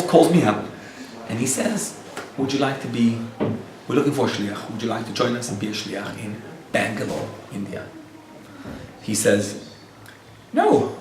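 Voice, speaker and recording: A man who is a rabbi tells a story to a live audience in a lively way and acts out the dialogue. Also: on the high side, a little hiss or hum. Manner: animated storyteller acting out quoted dialogue. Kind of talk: storytelling lecture. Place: lecture room with a live audience. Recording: echoey room, picked up from a distance.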